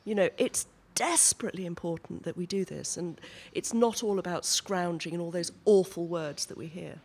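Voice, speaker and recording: A woman's voice: fairly low pitch, normal speed, a little mellow, breathy edge. A woman who works with cancer patients, speaking earnestly and emphatically on a panel. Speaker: cancer care worker. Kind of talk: panel discussion.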